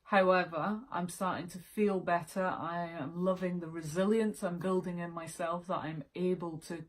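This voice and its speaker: Chatty woman with a low voice. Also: rough recording. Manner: conversational, many fillers and restarts. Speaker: self-development vlogger. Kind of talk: casual reflective monologue.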